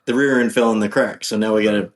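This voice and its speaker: A man's voice: lowish voice, fairly even intonation, fast talker. A man guesting on a podcast, talking casually in a rambling, hesitant way with many ums and restarts. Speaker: podcast guest, off-road driver.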